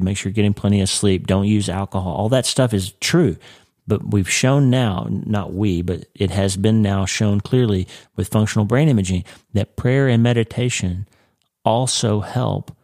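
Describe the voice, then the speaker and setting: A man's voice: on the low side, normal speed, darkish tone, no echo, clean studio sound. A congested man with jaw pain giving an earnest, conversational faith lesson to his regular audience. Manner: earnest, explanatory, with occasional restarts. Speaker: Christian teacher of a weekly series.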